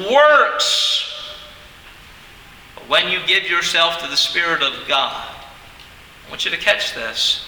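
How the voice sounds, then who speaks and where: Slow, bright-voiced preacher in a hall. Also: male voice, slight background noise. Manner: emphatic preaching with dramatic pitch swings and drawn-out words. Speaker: pastor. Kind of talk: sermon.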